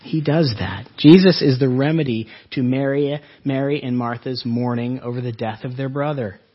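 Husky-voiced man preaching a sermon. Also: medium pitch, fairly even intonation, normal speed, lo-fi sound. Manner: earnest preaching, voice swells then drops soft. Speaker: pastor.

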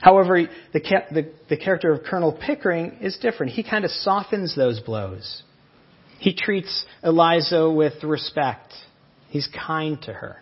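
Husky-voiced man preaching a sermon. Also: a little high, normal speed, dull audio. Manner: earnest, explanatory storytelling. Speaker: pastor.

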